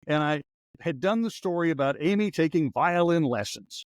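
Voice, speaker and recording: A man's voice: fairly high pitch, expressive, normal speed, no room sound. Wry rambling older man, dry close sound. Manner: rambling anecdotal storyteller, wry asides. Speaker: podcast host and former radio newsman. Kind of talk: casual storytelling chat.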